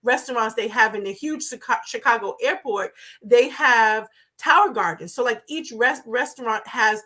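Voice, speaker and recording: An older woman with a New York accent, hosting a live-stream talk in a fast, chatty and enthusiastic way. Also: on the high side, sharp tone. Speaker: host.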